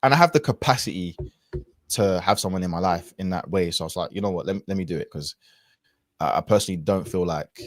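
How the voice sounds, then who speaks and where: Guy in his 30s, low voice, rambling reflective storytelling, dead dry sound. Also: fast, dry recording. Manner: reflective, rambling with many fillers and restarts. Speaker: podcast guest. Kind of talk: casual storytelling chat.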